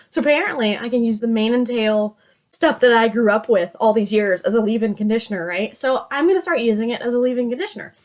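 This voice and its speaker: A woman's voice: a little high, darkish tone. A chatty woman from Virginia with a Southern drawl, talking casually through her makeup routine and often poking fun at herself. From Virginia, USA. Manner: chatty, self-mocking, laughs often. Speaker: beauty vlogger.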